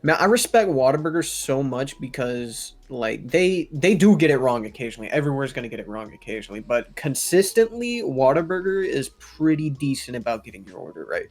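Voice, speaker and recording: A man's voice: medium pitch, sing-song, a little fast, hardly any pauses, a little mellow. A man co-hosting a casual podcast, giving emphatic, profane opinions. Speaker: podcast co-host.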